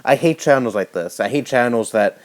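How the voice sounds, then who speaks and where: A young man delivering an indignant rant to camera, swearing often and halting with fillers and restarts. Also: mid-range voice. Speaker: YouTuber. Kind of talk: angry rant vlog.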